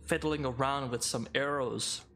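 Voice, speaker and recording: A man narrating a tabletop game as game master, unhurried, with many fillers and restarts. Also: medium pitch, fairly even intonation, fairly bright tone, a little hiss or hum.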